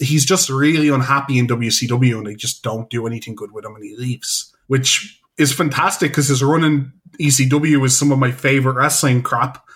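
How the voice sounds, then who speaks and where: A man co-hosting a casual podcast chat, talking in an enthusiastic, rambling way with quick asides. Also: medium pitch, fairly bright tone. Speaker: podcast co-host.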